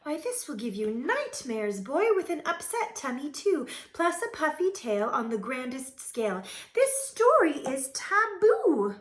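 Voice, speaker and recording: A woman's voice: high-pitched, sing-song, moderate pace, hardly any pauses, reverberant, pitched above the performer's own voice. A woman voicing a fussy, firm cat mother in a storybook read-aloud, scolding and exclaiming. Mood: fretting.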